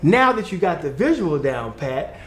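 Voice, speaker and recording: A man co-hosting a casual podcast, talking in an animated way, laughing often and slipping into playful voices. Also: on the high side, normal speed. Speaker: podcast co-host, communications consultant. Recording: echoey room.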